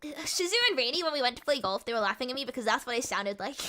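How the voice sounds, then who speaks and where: A woman's voice: on the high side, expressive, fast, sharp tone. A woman VTuber streamer chatting casually and playfully while gaming, rambling from one thought to the next.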